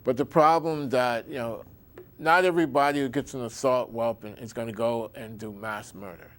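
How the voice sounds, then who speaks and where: A man's voice: mid-range voice, steady tone, moderate pace, a bit bright. A middle-aged man hosting a show, talking in a rambling, digressive monologue with folksy asides and frequent restarts.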